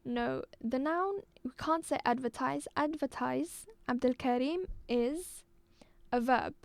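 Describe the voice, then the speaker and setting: A woman with a high voice, from Algeria, teaches an English exam-review lesson at an unhurried pace. She repeats each word and spells it out carefully for her pupils. The sound is dry and close, with no room around it. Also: vocal fry, dry recording. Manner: slow, deliberate, repeats and spells out words for pupils.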